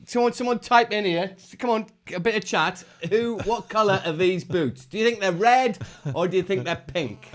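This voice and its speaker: A man's voice: high voice, animated, normal speed, few pauses. A middle-aged man co-hosting a casual live chat show, joking and laughing often. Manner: jokey, teasing, laughs often. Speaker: co-host.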